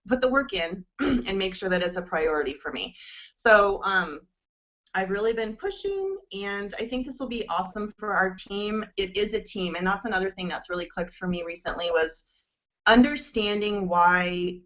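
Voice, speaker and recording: A woman's voice: medium pitch, fairly bright tone. A woman in her forties speaks in a casual, rambling way, full of fillers and emotional, close to tears. The sound is dull and lo-fi, like a call recording. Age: 40s. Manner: rambling, many fillers, tearful at times. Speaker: network marketing coach. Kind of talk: casual personal sharing.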